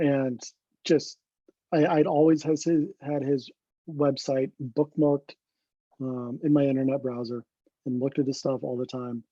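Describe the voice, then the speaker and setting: A man, a guest photographer, telling an animated story in an interview and acting out what his friends said. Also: medium pitch, a little slow, no room sound. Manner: animated anecdote teller, acts out quoted friends. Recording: dull lo-fi recording.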